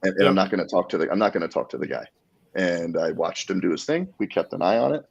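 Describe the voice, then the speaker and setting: Deep gravelly man telling a story. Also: fast talker, lo-fi sound. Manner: animated storyteller acting out quotes. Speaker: guest, jiu-jitsu black belt. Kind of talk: casual storytelling.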